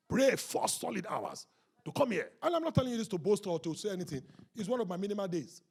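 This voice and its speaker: Raspy, animated preacher man. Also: fast talker. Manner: swings between low, hushed talk and loud shouting; acts out voices of others; prays in tongues mid-sermon. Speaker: pastor. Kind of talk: sermon.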